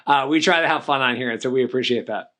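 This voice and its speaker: A man hosting a casual podcast, friendly and relaxed as he thanks his guest. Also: mid-range voice, fast talker. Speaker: podcast host.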